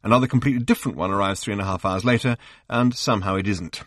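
A man reading an audiobook, narrating in an even, wry storytelling manner. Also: on the low side, racing, no echo, studio quality. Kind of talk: scripted narration.

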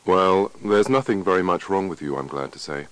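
A man reading the part of a doctor in a scripted lesson dialogue, firm, reassuring and measured. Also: low voice, a bit bright, dry recording. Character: calm, firm male doctor giving advice.

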